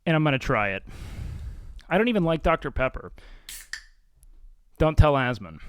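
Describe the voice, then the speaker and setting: Guy streamer swearing a lot and poking fun at himself, smooth resonant voice, bone dry, right on the mic. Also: a little high, sing-song, normal speed, a bit bright, dry recording. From Mexican and Salvadoran heritage. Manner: profane, blunt, self-mocking. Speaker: livestream host. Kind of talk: casual stream chat, reacting and reading chat.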